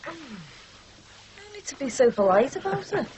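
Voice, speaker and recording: A forthright young daughter with a fairly high, lively voice. She speaks plainly and reassuringly to her mother. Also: normal speed, a little hiss or hum, poor audio. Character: outspoken teenage daughter.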